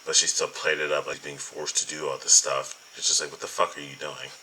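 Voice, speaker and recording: A man's voice: very deep voice, little pitch movement, brisk, pushed and bright, a little hiss or hum, poor audio. A man hosting reaction commentary, incredulous, emphatic and full of swearing. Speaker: commentary host.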